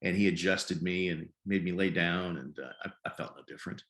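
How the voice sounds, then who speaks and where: A man in his fifties from Nebraska, a podcast guest telling his story in a halting way and often repeating words. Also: low-pitched, steady tone, fairly bright tone. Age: 50s. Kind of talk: conversational storytelling. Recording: roomy echo.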